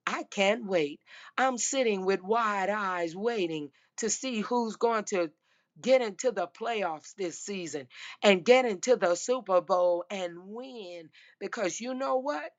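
A woman hosting a casual football talk show, emphatic and folksy, her voice going hoarse. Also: mid-range voice, takes it slowly, highs cut off. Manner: emphatic, repeats "I'm telling you" and "baby". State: losing her voice. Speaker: sports podcast host.

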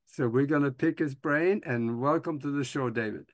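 A man hosting a talk show, introducing a guest in a measured, announcing way. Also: mid-range voice, dry recording. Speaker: host.

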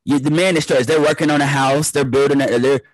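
A young man from the Detroit area chatting as a podcast guest, telling animated stories. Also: medium pitch, fast talker, a crowd in the background, rough recording. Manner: animated storyteller, acts out family voices. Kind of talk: casual chat.

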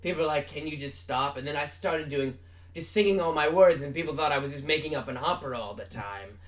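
A man playing a pompous male rock singer who claims to be a god, talking loud and grand in a put-on British accent for an improvised comedy interview. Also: on the high side, quick pace, close to an everyday voice. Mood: grandiose. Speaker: mock interview guest.

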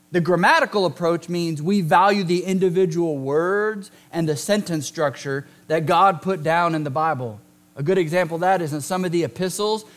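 Guy preaching a sermon, kinda high voice, jokey asides to the crowd, slows way down on the big words. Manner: conversational, joking asides with the congregation; emphatic, slows down to stress key words. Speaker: pastor.

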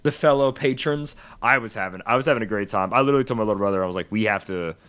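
Racing along in a smooth, fairly low voice, a young podcast co-host chats casually and animatedly, performing the characters he quotes in his stories.

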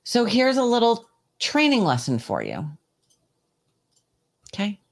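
A woman's voice: fairly high pitch, huge pitch swings, unhurried. A woman hosting a podcast, chatting casually while cueing up clips. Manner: chatty, playing clips for co-host. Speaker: podcast host. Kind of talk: casual chat.

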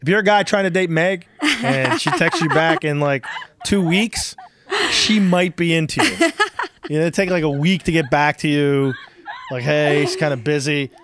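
A man's voice: a little high, normal speed, noisy background. A man in his forties hosting a podcast, telling rambling, profane stories in casual chat. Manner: rambling, profane, animated storytelling. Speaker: podcast host.

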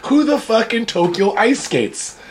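Casting: high-pitched male podcast co-host, crude rambling storyteller, faint hiss behind. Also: expressive, measured pace. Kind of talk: casual profane banter.

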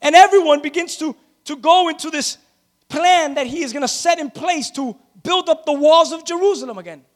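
This pastor's voice is strikingly high, and he delivers his sermon at normal speed with real emphasis. Key phrases get repeated to build momentum, broken up by relaxed, chatty asides aimed at the congregation.

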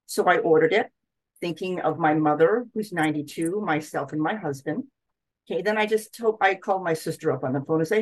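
A woman's voice: low-pitched, a little fast, poor audio. A middle-aged woman, a guest doctor, telling a personal story in an interview and animating her quotes of others.

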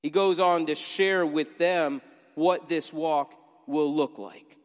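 A man's voice: on the high side, steady tone, slow, smooth, big-room sound. A man preaching as pastor, telling a scene vividly and asking listeners to imagine it. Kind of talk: sermon. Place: church sanctuary.

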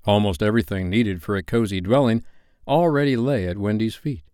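A man reading a classic novel aloud as a bedtime story in an expressive, animated way. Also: lowish voice, a little fast, smooth, no echo, studio quality.

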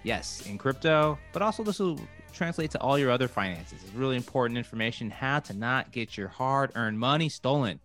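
A man hosting a podcast interview as a wealth manager, talking with energetic, friendly banter. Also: medium pitch, fairly quick, few pauses, soft background music.

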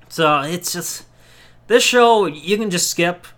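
Male podcast host, high voice, casual profane recap. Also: a bit bright. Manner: loose, profane play-by-play recap. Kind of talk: casual wrestling show review.

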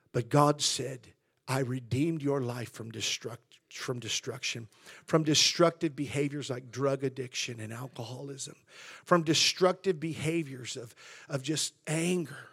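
A man preaches with a gravelly, husky voice at a mid pitch. He climbs louder and higher to drive points home, then sinks to a near whisper. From Southern California. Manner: swells loud and high for emphasis, then drops to hushed tones. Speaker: pastor. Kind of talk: sermon.

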